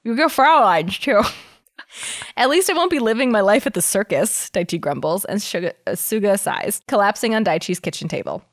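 A woman co-hosting a chatty podcast, reading a story aloud with lots of laughter and lively voicing of the dialogue. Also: medium pitch, moderate pace, dry recording, clean studio sound. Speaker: podcast co-host reading fan fiction aloud. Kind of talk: casual chat and dramatic reading.

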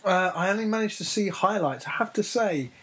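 A man, co-hosting a casual chat, animated, laughing often and swearing. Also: sits high, a little fast, husky. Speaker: podcast co-host.

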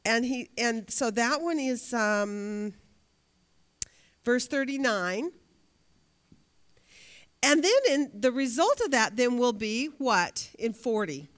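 A woman's voice: on the high side, animated, slow, long pauses. Woman teaching a Bible lesson. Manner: asks the class questions, reads scripture aloud.

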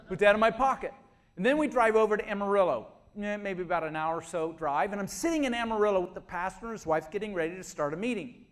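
A man preaching a sermon, telling stories and building to shouted calls to advance. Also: sits high, fast. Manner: storytelling, building to shouted exhortation. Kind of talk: sermon with storytelling.

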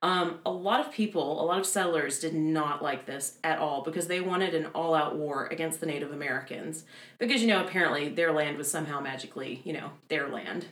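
A woman with a low voice recounts history in a relaxed, chatty way, dropping sarcastic asides and laughing often. The room around her is echoey. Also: a little fast. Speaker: podcast co-host telling history. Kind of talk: casual chat.

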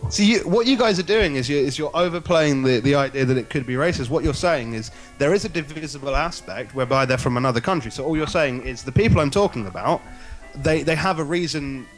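A man's voice: on the high side, lively intonation, fast, faint music behind. A man in casual comedy banter, mock-patronizing and sarcastic, often restarting his sentences.

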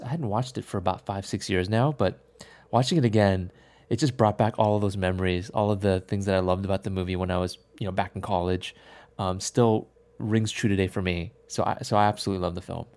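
Earnest low-voiced man recalling a film. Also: a little mellow. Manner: earnest, restarts sentences, backs others with mm-hmm. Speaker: podcast co-host. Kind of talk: casual film review chat.

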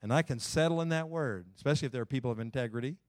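A man preaching a sermon in a loose, conversational way. He sits at a middle pitch and swings between emphatic lines and hushed, quiet passages. The recording is dry and close. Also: racing, no room sound. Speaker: pastor.

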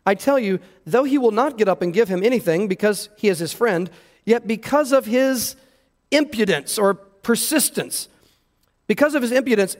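A pastor preaching an earnest sermon, emphatic and repeating words as he stresses his points. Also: high voice. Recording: long hall reverb.

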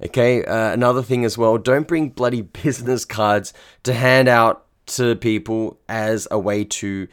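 A man's voice: mid-range voice, steady tone, measured pace, few pauses, clean tone. A young man hosting a podcast, giving casual advice in a chatty, slang-heavy way and laughing often. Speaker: podcast host and speed dating organiser.

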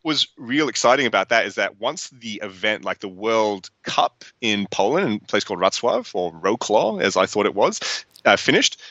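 Australian man, low voice, bright forceful tone, rambling sweary storyteller, dry muffled sound. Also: big pitch swings, normal speed, no echo. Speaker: guest. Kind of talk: casual podcast interview.

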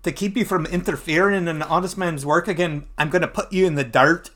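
A man's voice: on the high side, fairly even intonation, brisk, fairly bright tone, close to an everyday voice. A man voicing a sneering male assassin with a put-on Scottish accent while retelling a comic book.

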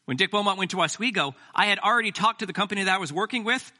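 A man's voice: sits high, rapid-fire, bright, forceful tone. A man preaching a sermon as pastor, talking conversationally with self-deprecating jokes.

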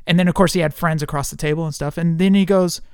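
A man's voice: fairly high pitch, fairly even intonation, quick pace, clear, resonant tone, no echo, studio quality. A man in his forties from the US West Coast, hosting a podcast and telling easygoing stories. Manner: easygoing storyteller, laughs often. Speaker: podcast host. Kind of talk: casual chat.

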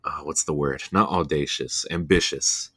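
A man's voice: rumbling low, steady tone, normal speed, a bit bright, breathy edge, no echo. A man co-hosting a podcast, chatting casually and gushing about a show, with lots of fillers and restarts. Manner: rambling, gushing with many fillers. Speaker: podcast co-host. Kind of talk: casual chat.

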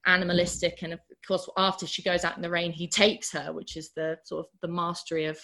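A woman with a slightly low voice gives a relaxed, talky lecture on a novel. She moves easily between asides full of fillers and quoted passages read aloud with growing force. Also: brisk. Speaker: literature lecturer.

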